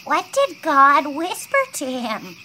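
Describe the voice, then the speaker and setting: A woman's voice: high voice, sing-song, slow, over a noisy crowd, exaggerated voice. A woman voicing a cheerful young child puppet in a children's Bible lesson, talking in an eager, sing-song way.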